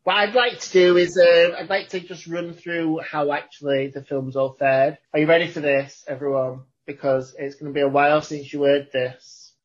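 Deadpan man, husky and muffled. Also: fairly high pitch, normal speed, few pauses. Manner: deadpan, crude teasing. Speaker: podcast co-host. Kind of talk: casual chat. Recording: dull, lo-fi sound.

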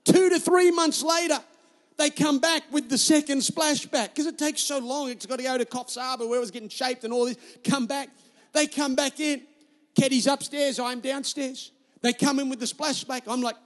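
Male pastor, very high voice, emphatic repetitive preacher telling stories. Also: steady tone, normal speed, in a large hall. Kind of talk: sermon.

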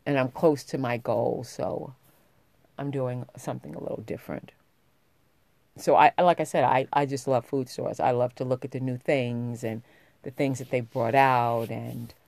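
A woman's voice: very deep voice, a little slow, gravelly, a little mellow, dry recording. A woman vlogging, telling a personal story in a heartfelt, rambling way with many restarts, getting emotional as she talks.

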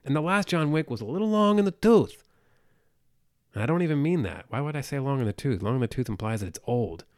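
A man's voice: mid-range voice, expressive, quick pace, a little mellow, no room sound. Man, solo podcast host, crude rambling rants, sarcastic, dry close sound. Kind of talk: solo casual podcast rant.

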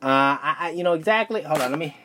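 A man's voice: on the high side, expressive, quick pace, sharp tone, a little hiss or hum. A young man hosting a casual solo podcast, talking loosely and profanely with lots of fillers and restarts. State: out of breath. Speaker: podcast host.

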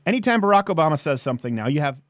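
Animated male live-stream host. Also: on the high side, racing, dry recording, studio quality. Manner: animated, emphatic ranting with jokes. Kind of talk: political comedy live-stream chat.

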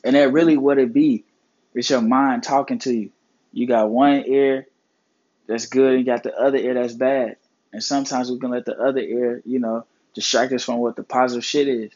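This podcast host speaks at a moderate pace with medium pitch, fairly even intonation, and a slightly mellow quality, over dull audio. He talks casually and earnestly about life and mental health in a motivational vein, cursing and using slang a lot.

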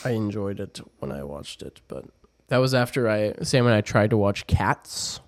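A man's voice: fairly low pitch, sing-song, normal speed, no echo, studio quality. A young man co-hosting a casual podcast, speaking in an easygoing way with lots of hesitant fillers. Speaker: podcast co-host. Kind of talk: casual chat.

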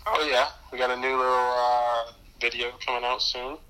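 Hyped, swearing designer over background noise. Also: male voice, medium pitch, flat delivery, moderate pace. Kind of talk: casual chat. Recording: noisy recording with clicks.

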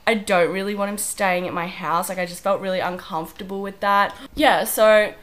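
A woman's voice: medium pitch, steady tone, normal speed, fairly bright tone. A young woman co-hosting a podcast, chatting casually and telling stories with giggles while sick with a wheezy voice. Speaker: podcast co-host. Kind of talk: casual chat.

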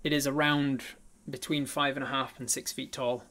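A man's voice: mid-range voice, flat delivery, normal speed, sharp tone. A man narrating a tabletop role-playing game as game master, describing the scene with frequent ums and uhs.

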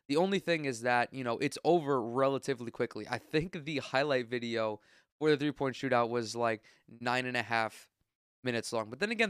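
A man's voice: medium pitch, fairly quick, fairly bright tone, clean tone, dry recording, studio quality. A congested man hosting a solo sports podcast, ranting bluntly and profanely in casual talk. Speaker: podcast host.

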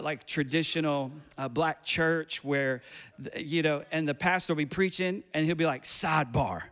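A man's voice: a little high, fairly bright tone, clean tone, in a large hall. A man preaching as pastor, passionate, with rising emphasis and repeated phrases, speaking in a church sanctuary. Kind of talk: sermon.

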